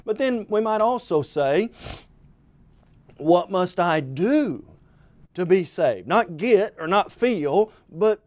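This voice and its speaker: A man preaching a televised sermon, stressing key phrases by slowing down and dropping his voice. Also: a little mellow. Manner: emphatic, slows and drops pitch on key phrases.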